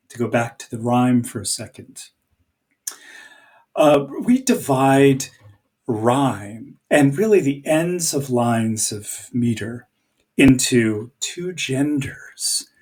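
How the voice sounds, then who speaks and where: Slow, thoughtful male teacher. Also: mid-range voice, distant mic. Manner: slow, thoughtful, reads verse aloud to count beats. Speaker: literature teacher. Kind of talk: recorded poetry lesson.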